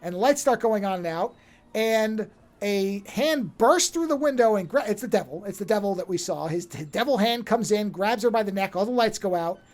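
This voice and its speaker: A man co-hosts a casual podcast, walking through a horror film's plot. He talks in an animated, rambling way, often restarting his sentences. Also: high voice, normal speed. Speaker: podcast co-host. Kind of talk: casual film-discussion chat.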